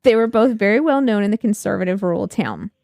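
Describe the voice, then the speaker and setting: A woman's voice: mid-range voice, fast, vocal fry, no echo, clean studio sound. A woman co-hosting a casual true-crime podcast, telling the story with frequent laughs and blunt swearing. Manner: laughs often, swears freely, animated.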